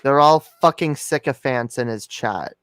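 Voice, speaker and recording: A man trades banter on a livestream with sarcastic, over-the-top outrage and plenty of swearing. His voice is mid-pitched and sounds dry and close to the mic. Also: normal speed, a bit bright, clean tone, dry recording. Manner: sarcastic, hyperbolic rants with swearing. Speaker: stream co-host.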